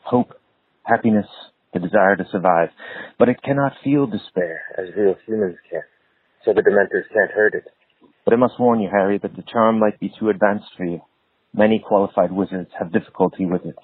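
A man voicing a kind, patient wizard teacher who explains calmly, heard over a tinny phone line. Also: on the low side, slightly rough, dry recording. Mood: explaining. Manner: calm, measured explaining.

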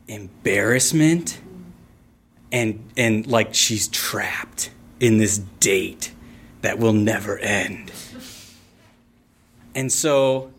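A man telling a personal story on stage, animated and playful with a theatrical flair. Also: mid-range voice. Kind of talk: live storytelling.

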